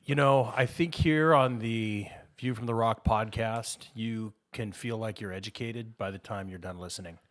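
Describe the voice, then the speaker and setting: A man's voice: fairly low pitch, normal speed, hardly any pauses. A man co-hosting a casual podcast chat with dry, wry humor. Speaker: podcast co-host.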